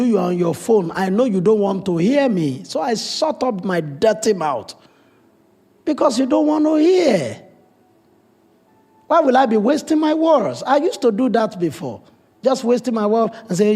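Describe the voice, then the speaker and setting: A man's voice: high voice, darkish tone, slightly rough. A man from Africa preaching a sermon as pastor, in a conversational way with blunt humor.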